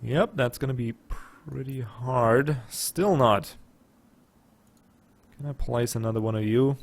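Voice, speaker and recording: A man's voice: mid-range voice, slow pace, creaky. A man with a German accent, casually commenting on a strategy game and thinking aloud with muttered asides. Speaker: let's play gamer.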